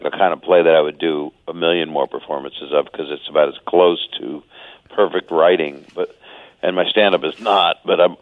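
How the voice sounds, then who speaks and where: A man's voice: deep voice, dry recording. Man in his sixties on a tinny phone line. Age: 60s. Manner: loose, crude, laughing storytelling. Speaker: guest comedian. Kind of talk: casual radio chat.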